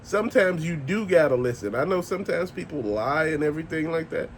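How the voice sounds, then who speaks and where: A man's voice: fairly high pitch, lively intonation, a little fast, slight background noise. A middle-aged man ranting in a blunt, profane, conversational way, speaking off the cuff as a vlogger. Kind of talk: casual ranting monologue.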